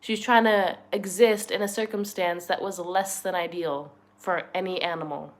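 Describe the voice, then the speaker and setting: A woman's voice: lowish voice, fairly even intonation, moderate pace. A young woman hosting a reaction channel, giving blunt, sarcastic and profane casual commentary. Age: young adult.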